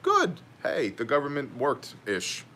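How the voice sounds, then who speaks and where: A man's voice: medium pitch, normal speed, pushed and bright, slight background noise. A man hosting a daily news brief in casual style, sardonic and joking as he reads chat comments aloud.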